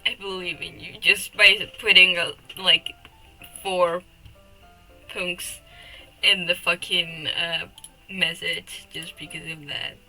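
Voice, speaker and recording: A woman's voice: fairly low pitch, level tone, slow, long pauses, sharp tone, soft background music, poor audio. A young woman streaming live, chatting with her viewers, often giggling, teasing and swearing at her chat.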